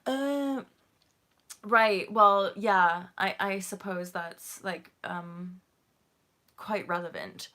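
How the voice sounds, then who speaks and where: Bright, rambling woman vlogger. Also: medium pitch, drawn-out words. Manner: rambling, swears freely, mocks herself in quoted voices. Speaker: spiritual vlogger. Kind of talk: casual livestream chat.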